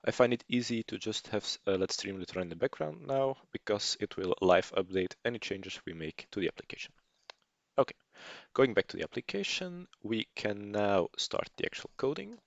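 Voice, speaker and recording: Low, gravelly male tutor, dry and close, unscripted explaining over his screen, dull lo-fi voice-over. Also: no room sound. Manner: casual, unscripted explaining with fillers and restarts. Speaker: programming tutor. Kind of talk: screencast coding tutorial narration.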